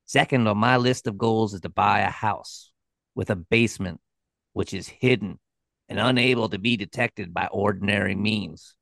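A nasal, nerdy man, as a podcast host puts him on, reads out his plans in a dull, rambling, matter-of-fact tone that makes them chilling. The voice sits a bit higher than the performer's own, with a gravelly edge and a dry, close sound. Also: normal speed, fairly bright tone, no room sound. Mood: mundane. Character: nasal nerdy middle-aged man, mundane and chillingly flat.

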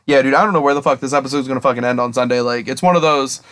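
A young man co-hosting a casual podcast, rambling excitedly and swearing constantly as he retells a story. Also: medium pitch, rapid-fire. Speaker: podcast co-host. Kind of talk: casual chat.

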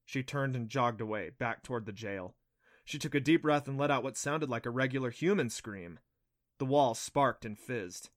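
A man narrates an audiobook with a steady storytelling delivery. His voice is middle-pitched and even. The reading is scripted. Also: normal speed.

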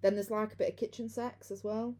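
A young woman hosts a podcast, recapping a film in a chatty, casual way and laughing easily. Her mid-range voice has a dark tone, and she speaks briskly with a level delivery.

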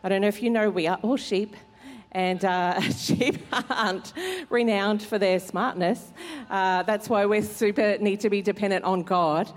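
A woman's voice: medium pitch, steady tone, a little slow. A woman pastor, preaching a sermon in an earnest, conversational way with fillers. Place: church service hall. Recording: long hall reverb in church.

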